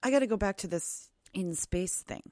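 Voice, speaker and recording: A woman hosting an interview, asking thoughtful, halting questions. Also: mid-range voice, lively intonation, darkish tone, dry recording, clean studio sound. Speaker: podcast host. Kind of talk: conversational interview.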